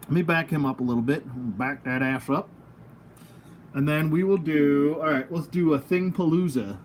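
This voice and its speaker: His voice sits on the high side at a moderate pace, with a faint hiss or hum behind it. He's a man hosting a channel, reviewing toys casually and unscripted at home at a table of figures, rambling, goofy and laughing at himself.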